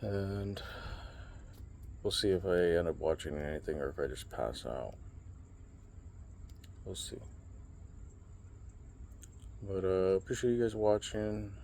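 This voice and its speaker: A man's voice: low voice, slow, gravelly, long pauses, slight background noise. A young man rambling casually in a late-night vlog, telling stories with lots of fillers. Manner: rambling, relaxed storytelling with many fillers. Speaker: vlogger and streamer.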